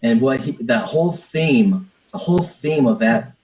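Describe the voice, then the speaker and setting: A man's voice: medium pitch, expressive, moderate pace, a little mellow, rough recording. A business coach, a man, speaking openly in an interview and telling a personal story with many restarts. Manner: earnest, open, lots of restarts and "man". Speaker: business coach, podcast guest.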